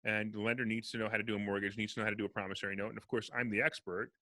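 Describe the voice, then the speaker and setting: Fast-talking bright-voiced man. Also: fairly low pitch, no echo. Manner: fast, animated storyteller acting out dialogue. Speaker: real estate investor guest. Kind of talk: casual podcast interview.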